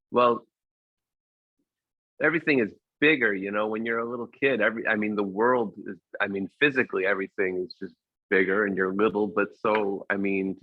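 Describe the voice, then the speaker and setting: Halting storytelling man, muffled audio. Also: lowish voice, dry recording. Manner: halting, many fillers and restarts. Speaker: guest storyteller. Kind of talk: personal storytelling.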